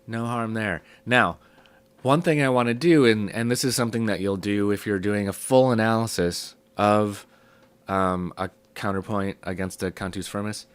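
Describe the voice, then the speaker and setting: A man teaching music theory in a relaxed, step-by-step way, his voice low and rough from a cold, with many ums. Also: moderate pace, no room sound. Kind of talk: casual spoken lesson.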